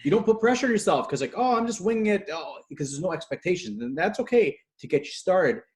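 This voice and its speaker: Fast-talking, energetic man coaching. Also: fairly high pitch. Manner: fast, energetic storyteller, acts out quotes. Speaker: guest speaking coach. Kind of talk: animated casual interview talk.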